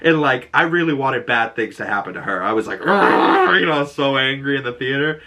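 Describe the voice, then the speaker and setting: Guy reviewing a movie off the cuff, swears a ton, keeps cracking up, kinda bright edgy voice. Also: mid-range voice, fairly quick. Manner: profane, rambling, laughs often; animated, shifts into loud exclamations. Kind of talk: casual unscripted film review.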